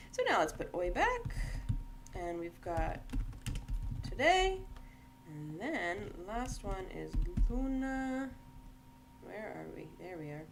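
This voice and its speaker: A woman's voice: mid-range voice, a little hiss or hum. A woman, founder of a game-making tool, giving a casual screen-share tutorial, chatty and often checking in with "right?".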